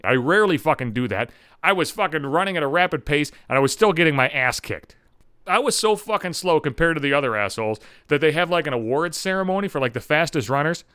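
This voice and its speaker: A man's voice: fairly high pitch, a bit bright, smooth, dry recording, studio quality. A man in his thirties ranting in a profane, self-deprecating comic monologue, exasperated and swearing constantly. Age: 30s.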